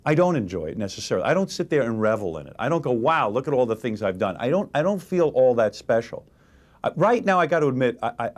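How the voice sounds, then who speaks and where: Fast animated guy in his 40s telling stories in an interview, voices the people he quotes. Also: mid-range voice. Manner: animated storytelling, acts out quoted exchanges. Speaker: interview guest, radio host. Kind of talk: candid interview talk.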